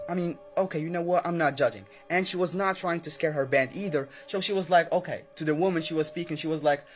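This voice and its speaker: A man casually narrating a story to viewers, chatty and filling pauses with "okay?" and "right?". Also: fairly high pitch, soft background music. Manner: chatty, keeps adding "okay?" and "right?", acts out quotes. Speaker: storyteller host.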